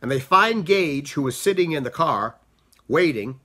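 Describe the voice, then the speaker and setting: A man talks through a casual film review in a bright, ringing voice that sits a little high. His delivery is animated, with pitch swinging widely. He often circles back and restarts his sentences. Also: moderate pace. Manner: animated, rambling with frequent restarts. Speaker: book and movie reviewer.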